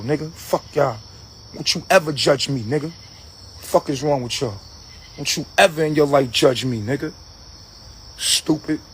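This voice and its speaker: A man's voice: a little high, a bit bright. Male livestream host: raised voice, profane, repetitive preachy rant, faint background noise.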